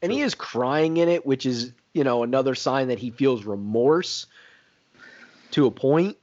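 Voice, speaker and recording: A man co-hosting a casual film podcast, talking in an animated way, swearing and laughing often. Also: medium pitch, measured pace. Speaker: podcast co-host. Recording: slightly dull lo-fi audio.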